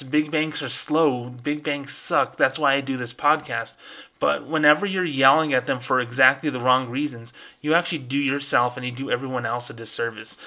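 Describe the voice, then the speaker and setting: A man hosting his own podcast, ranting in a casual, fired-up way and slipping into quick mocking voices. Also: medium pitch, bright, forceful tone. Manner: fired-up, ranting, mimics people in quick asides. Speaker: podcast host.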